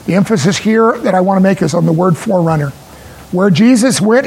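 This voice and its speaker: A pastor delivers an earnest sermon and leans hard on key words. His voice sits high for a man, with a gravelly, husky edge. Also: lively intonation, a little mellow, poor audio. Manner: earnest, emphatic preaching with pauses.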